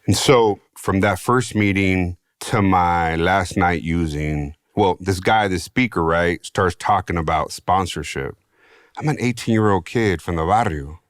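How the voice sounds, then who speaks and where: A man from San Diego, a podcast guest, telling his own story in an animated, slangy way with free swearing. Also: deep voice, measured pace, dry recording, studio quality. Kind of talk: casual storytelling.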